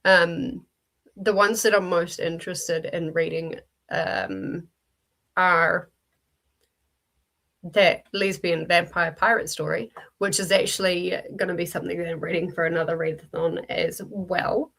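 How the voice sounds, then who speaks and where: A woman's voice: on the low side, steady tone, unhurried, vocal fry, fairly bright tone. A woman with a New Zealand accent hosting a casual livestream, chatty and talking straight to her viewers with frequent ums, in her early-morning voice. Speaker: livestream host leading reading sprints.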